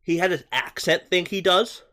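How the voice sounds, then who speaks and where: A man co-hosting a podcast, talking over a film in a casual, rambling way, full of "like" and restarts, and often getting excited. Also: high voice, moderate pace. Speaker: podcast co-host. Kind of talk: casual movie-review chat.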